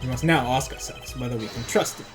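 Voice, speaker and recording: A woman's voice: very deep voice, fast, music in the background. A woman voicing a stern older male judge with a formal manner.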